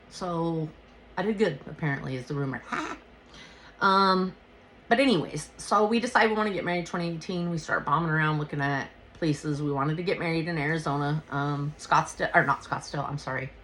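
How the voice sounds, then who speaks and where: Podcast host, woman with a low, bright voice, animated and profane, casual storytelling. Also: brisk, slight background noise. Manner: animated and profane, swears freely.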